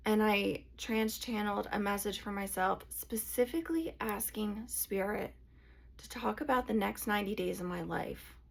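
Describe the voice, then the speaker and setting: A woman channeler and energy healer speaking to her viewers in an emotional, confessional vlog, hushed and sighing as she talks. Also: medium pitch, gravelly.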